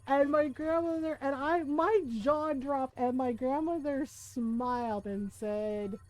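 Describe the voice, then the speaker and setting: Speaking slowly in a high voice, a woman streamer shares a personal story while soft music plays in the background. It's an animated, casual retelling where she acts out whoever she quotes, with lots of "right?" and "like."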